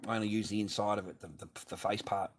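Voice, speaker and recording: A middle-aged man with a lowish, level voice talks fast while making masks on a livestream. He chats casually, ranting and swearing, with bursts of laughter breaking through.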